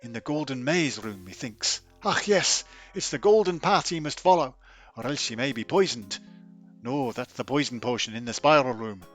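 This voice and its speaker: A man's voice: medium pitch, lively intonation, normal speed, soft background music, natural voice. A man voicing a forgetful old male tinkerer from a video game, in a put-on Scottish accent, rambling and contradicting himself. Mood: muddled. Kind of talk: reading game dialogue aloud.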